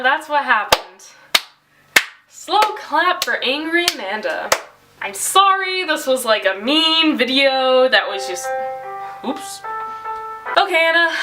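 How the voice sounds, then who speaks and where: A woman's voice: sits high, pushed and bright, a little hiss or hum, low-quality recording. A teenage girl rambling through an exasperated vent in a casual video diary, with lots of "like". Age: teens. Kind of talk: casual venting vlog.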